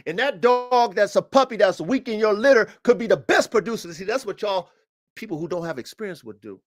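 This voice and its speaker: A man's voice: high-pitched, animated, fairly quick. Brash, boastful man hosting a podcast. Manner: boastful, confrontational, emphatic slang-heavy talk. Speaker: podcast host and dog breeder. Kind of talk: livestream podcast monologue. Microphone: streaming setup.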